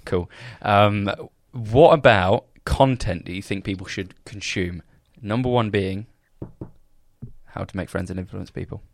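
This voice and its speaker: A man's voice: fairly low pitch, a little slow, creaky, dry recording. A young man co-hosting a podcast, chatting casually in a rambling, hesitant, self-deprecating way. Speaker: podcast co-host, business owner. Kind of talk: casual chat.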